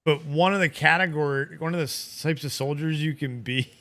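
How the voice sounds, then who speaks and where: A man's voice: fairly high pitch, normal speed, sharp tone. A man hosting a casual watch-party chat with friends, rambling and laughing often. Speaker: host.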